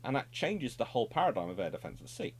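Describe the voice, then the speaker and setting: Lively-voiced male naval history presenter. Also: mid-range voice, quick pace, a little hiss or hum. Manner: discursive, self-correcting, wry asides. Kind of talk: unscripted explanatory monologue.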